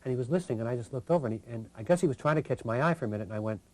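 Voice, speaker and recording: Rambling older man with a mellow voice. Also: medium pitch, animated. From Canada. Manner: rambling, halting, self-interrupting. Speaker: guest musician. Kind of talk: casual storytelling.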